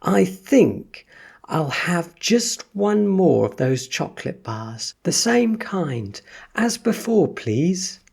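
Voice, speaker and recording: A man voicing a shy, hungry young boy who asks quietly and hesitantly. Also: sits high, big pitch swings, slow pace, vocal fry, husky, voice pushed up, exaggerated voice. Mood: timid.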